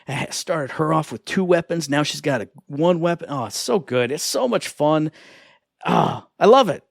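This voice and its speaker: A man in his thirties co-hosting a podcast, chatting with excitement and acting out the voices he quotes. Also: a little high, no room sound, studio quality. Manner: enthusiastic, animated, acts out quoted voices. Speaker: podcast co-host. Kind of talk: casual chat.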